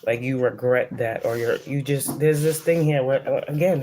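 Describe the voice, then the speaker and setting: A woman's voice: extremely low pitch, normal speed, warm tone, slight background noise. A woman giving a casual psychic reading, blunt and profane, who repeats phrases for emphasis. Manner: blunt and profane, rambling, preachy. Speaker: psychic reader. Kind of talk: casual channeled spiritual reading.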